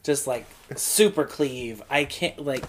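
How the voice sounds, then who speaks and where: A woman's voice: a bass voice, takes it slowly, a crowd in the background. A woman co-hosting a podcast in casual chat, snarky and laughing often as she recaps and mocks characters. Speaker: podcast co-host.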